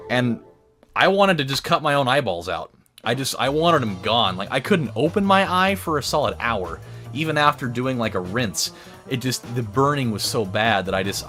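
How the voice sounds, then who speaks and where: A man's voice: mid-range voice, a bit bright. A young man hosting a gaming video, telling a story in a casual, profane, rambling way and laughing at his own jokes. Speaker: gaming channel host. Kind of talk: casual storytelling over gameplay. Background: game music and car engines.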